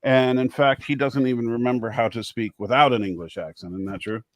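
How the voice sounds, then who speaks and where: A man's voice: medium pitch, steady tone, no echo. A middle-aged American man chatting casually on a video call, often restarting his sentences. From United States. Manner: halting, with repeated restarts. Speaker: guest streamer.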